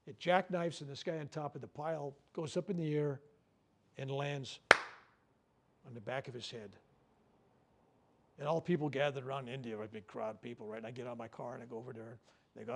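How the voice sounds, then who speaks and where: A man, a reverend, telling healing stories in a lively workshop talk before a live audience, acting out what people said. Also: medium pitch, a little fast, gravelly, long pauses. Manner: animated storyteller, acts out quoted speech. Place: room at a medical center, before a live audience.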